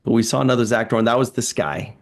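A man's voice: mid-range voice, fast talker. A man co-hosting a podcast, talking casually and at length about a TV episode with playful, rambling asides. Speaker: podcast co-host. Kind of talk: casual chat.

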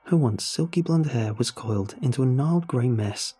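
A man narrating a horror story in a measured, suspenseful way. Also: medium pitch, lively intonation, mellow, slightly rough, faint music behind.

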